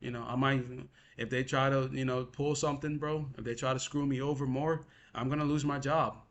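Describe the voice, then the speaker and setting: Fairly quick and mid-range, with fairly even intonation, a young vlogger's voice carries his frustrated rant to viewers. He cycles through the same points, curses, and keeps saying "bro."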